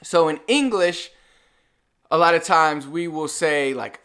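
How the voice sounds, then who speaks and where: A young man giving a casual video lesson, talking in a relaxed, conversational way and slowing down to model each phrase. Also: on the high side. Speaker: Spanish teacher.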